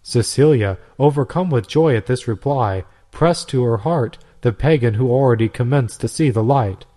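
Mellow-voiced man reading solemnly. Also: medium pitch, expressive, normal speed. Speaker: audiobook reader. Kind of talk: scripted narration.

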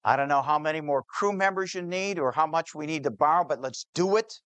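A man's voice: fairly high pitch, fairly quick, a bit bright, smooth, no echo, close to an everyday voice. Man voicing an eager, supportive wife. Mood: encouraging. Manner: encouraging, decisive.

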